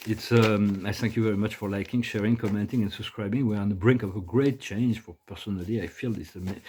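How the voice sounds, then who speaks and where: A man hosting a casual spiritual video, soft-spoken and halting, often repeating words and restarting his sentences. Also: on the low side, husky, poor audio. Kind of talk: casual spiritual vlog talk.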